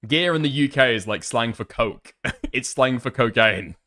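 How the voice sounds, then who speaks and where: A man's voice: medium pitch, lively intonation, measured pace, bright, forceful tone. A man reacting to video clips in a sarcastic, mocking way, laughing often and swearing heavily. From United Kingdom. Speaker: commentary streamer. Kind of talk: casual reaction commentary.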